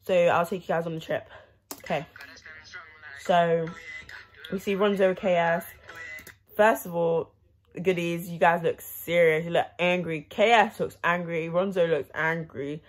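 A woman's voice: on the low side, a little slow, long pauses. Chatty young woman reacting to music. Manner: chatty, excitable, sings along and laughs. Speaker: reaction video host. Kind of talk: casual music reaction vlog.

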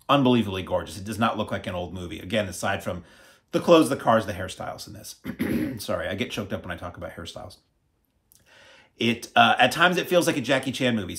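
A man casually reviewing a film, chatty and upbeat, with many "uh" fillers and dry self-mocking asides. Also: on the low side.

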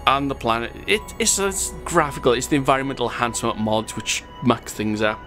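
A man's voice: medium pitch, brisk, a bit bright, faint music behind. A man hosting a gaming channel, chatting through his gameplay and reading out viewer comments, rambling a little and chuckling at his own jokes.

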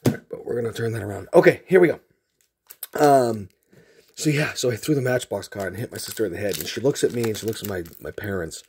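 A man's voice: on the low side, quick pace, a little hiss or hum. A middle-aged man hosting a card-opening video, telling a long childhood story between packs with lots of fillers. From Massachusetts. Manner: rambling, animated storyteller with many fillers.

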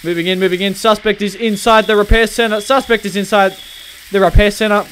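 A man giving excitable gameplay commentary with police role-play, shouting commands and laughing often. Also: high-pitched, a little fast, slight background noise. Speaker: gaming video host.

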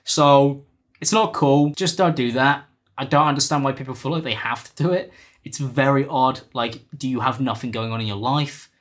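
A man's voice: medium pitch, fairly even intonation, normal speed. A man giving blunt, exasperated commentary and swearing casually. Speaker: commentary YouTuber.

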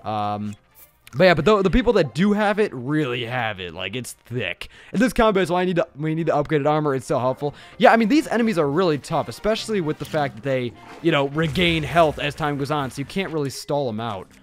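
Lively-pitched young male streamer. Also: a little fast, faint music behind. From Illinois. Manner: excitable, shouts and laughs during fights. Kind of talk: casual live gameplay commentary. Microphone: boom arm mic.

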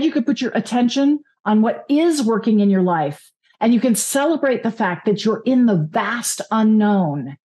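A woman with a somewhat high voice speaks as an interview guest. She talks about her work in an upbeat way and often slows down to make her points. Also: darkish tone. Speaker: guest, abundance coach. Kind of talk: interview conversation. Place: California.

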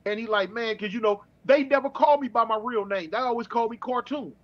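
A middle-aged man from California telling his story in casual street slang, with halting restarts, over a dull remote call. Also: very high voice. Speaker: guest.

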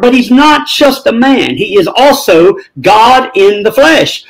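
A man's voice: high-pitched, expressive, measured pace, few pauses, rough recording. A man rebutting his opponent in a theological debate, dismissive and argumentative.

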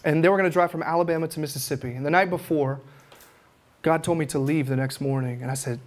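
Evangelist, man in his thirties, fervent storytelling sermon, voice sits a bit high. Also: steady tone, fast. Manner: fervent storytelling, acts out his own prayers. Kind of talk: conference teaching sermon.

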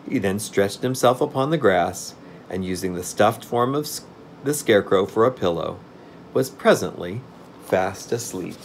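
A man reading a children's book aloud in a calm, friendly manner. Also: lowish voice, moderate pace, slight background noise. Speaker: storybook reader.

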